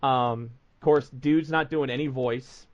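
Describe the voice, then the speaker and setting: A man's voice: medium pitch, fairly even intonation, a little slow, muffled recording. A man hosting a podcast, telling stories in rambling casual chat full of fillers. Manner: rambling storytelling with many fillers. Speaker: podcast host.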